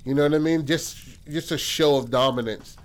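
A man's voice: on the high side, normal speed. A man casually telling a story, rambling and cursing a lot, with plenty of "like" and "and shit".

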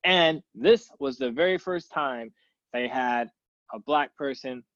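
A man's voice: medium pitch, slow pace, fairly bright tone, dry recording. A man chats in an easygoing way, sometimes throwing in an apology. His voice comes through a dull, lo-fi mic with a dry, close sound. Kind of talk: casual chat.

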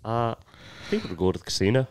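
A man's voice: medium pitch, big pitch swings, very fast, very noisy. A man doing a bumbling mumbled Irish accent. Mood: sheepish. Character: bumbling male Irish caricature.

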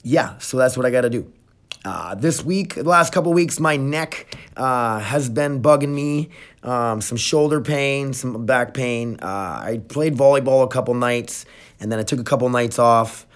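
A man hosting his own podcast in a loose, unscripted way. He talks bluntly and swears freely, pushing with excitement at times and settling into quieter, reflective stretches at others. His voice sits in an ordinary middle pitch. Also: a little slow. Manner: blunt, profane, energetic then reflective. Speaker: podcast host. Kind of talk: casual solo podcast talk.

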